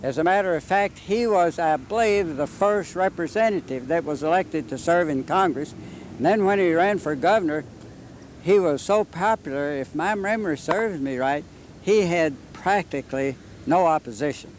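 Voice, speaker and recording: Man, local history guide, folksy storyteller, slightly high voice. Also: moderate pace, slight background noise. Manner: folksy, anecdotal, drifts into side stories. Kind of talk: casual history chat. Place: historic house indoors.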